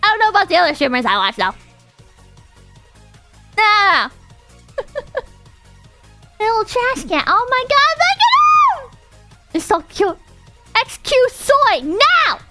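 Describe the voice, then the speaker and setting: Young woman, streamer, casual rant, profane, very high voice, lively pitch. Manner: rambling, profane, ranting. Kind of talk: casual livestream chat.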